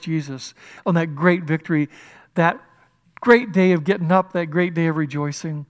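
A male pastor delivers a passionate sermon during a church service, moving between loud proclamations and quiet whispers. His voice sits fairly high, and he speaks at a normal pace.

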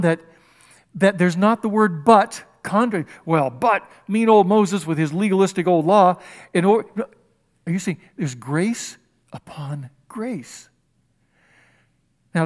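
An older man preaching a sermon, animated and conversational, acting out little scenes of dialogue as he teaches. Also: high voice. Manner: animated, acts out dialogue with rising and dropping voice. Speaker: pastor.

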